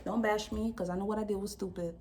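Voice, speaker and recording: A young woman vlogger telling a story in a casual, slangy, animated way, acting out the people in it. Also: medium pitch, quick pace, slight background noise.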